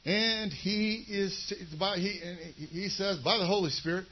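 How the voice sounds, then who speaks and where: Husky-voiced man preaching a sermon. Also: sits high, unhurried, muffled recording. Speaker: pastor.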